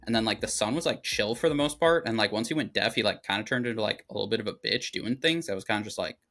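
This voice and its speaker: A young man with a low, bright voice retells a film plot in a loose, rambling way. He leans on fillers like "like" and swears freely, and the talk comes over faint music. He sounds like a casual podcast host. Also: fast. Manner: rambling, filler-heavy, profane. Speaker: movie review podcast host. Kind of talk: casual movie recap.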